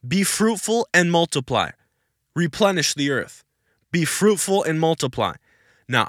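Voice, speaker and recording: This podcast host leads a Christian Q&A, his voice on the high side, bright and forceful. His answers come across as insistent and preachy, and he keeps restating his points. It's studio-quality audio with no room sound.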